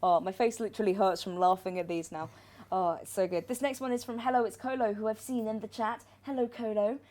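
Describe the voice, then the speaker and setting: A woman with an ordinary mid-pitched voice hosts a casual livestream. She introduces fan clips in a gushing, giggly way, laughing often between lines. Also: steady tone, brisk, a little mellow. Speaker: stream host.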